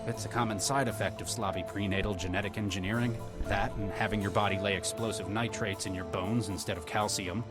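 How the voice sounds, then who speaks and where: Man playing a calm low-voiced Texan negotiator. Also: close to an everyday voice. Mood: steady. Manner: measured, persuasive. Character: calm middle-aged male negotiator doctor. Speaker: negotiator doctor. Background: game music.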